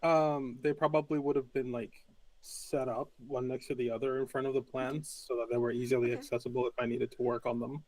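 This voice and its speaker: A man's voice: medium pitch, level tone, a little fast, darkish tone, rough recording. A man playing a tabletop game, hesitant and often restarting his phrases. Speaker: player. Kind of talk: casual tabletop play.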